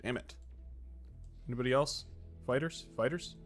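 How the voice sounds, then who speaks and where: A man's voice: mid-range voice, moderate pace, soft background music. A man streaming a strategy game, chatting casually and rambling into joking asides while he plays. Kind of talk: casual gameplay commentary.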